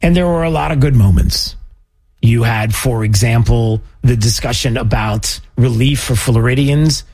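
A man's voice: mid-range voice, moderate pace, darkish tone, slightly rough. A male talk radio host giving exasperated commentary with stammering restarts.

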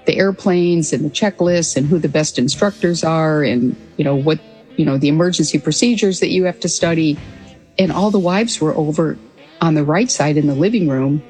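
Her voice sits low and darkish, captured in a large hall on a low-quality recording. As an interview guest, the woman in her sixties, a former military pilot, reflects earnestly on her past in a conversational, storytelling way, frequently starting over and laughing lightly.

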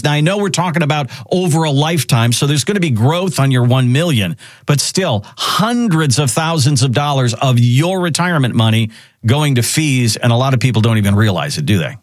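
A man hosting a radio talk show, chatting in a lively, conversational way. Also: a little high, moderate pace, dry recording, studio quality.

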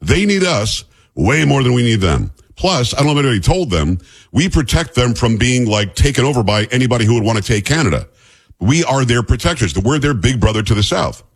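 A husky male radio host with a plain Midwestern broadcast accent, talking in a loose, jokey, opinionated way. His pitch swings widely as he riffs. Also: big pitch swings, fairly quick. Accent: neutral Midwestern radio. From New York. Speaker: radio talk show host. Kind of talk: casual radio talk.

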